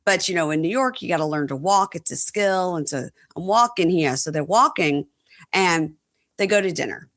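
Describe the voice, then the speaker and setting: A woman's voice: fairly low pitch, lively intonation, normal speed, fairly bright tone. A woman hosting a podcast, chatting casually about a reality TV episode and acting out quotes from the show. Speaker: podcast host. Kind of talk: casual chat recapping reality TV.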